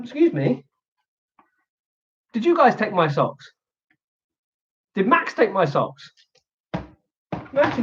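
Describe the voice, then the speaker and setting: A man runs a children's exercise show, teasing his young audience and cheering them on before reading them a picture book. His voice sits a touch higher than most men's. The recording sounds somewhat dull and muffled. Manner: playful, teasing, encouraging, calls out to children at home. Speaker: children's activity presenter. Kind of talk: energetic kids' exercise show with storybook reading.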